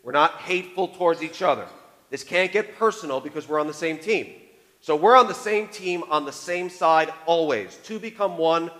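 A man preaching a sermon on marriage, animated, moving between loud emphasis and hushed tones. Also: fairly high pitch, a little fast. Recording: long reverb of a large hall.

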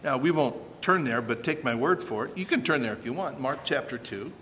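A man preaching a sermon, animated and emphatic, asking rhetorical questions as he reads and explains scripture. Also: medium pitch, fairly quick, in a large hall, slight background noise.

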